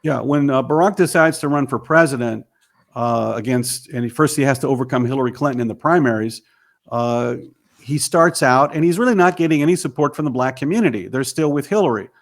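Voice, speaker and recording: A man's voice: medium pitch, fairly quick. A man, a filmmaker and author, telling his story emphatically as an interview guest.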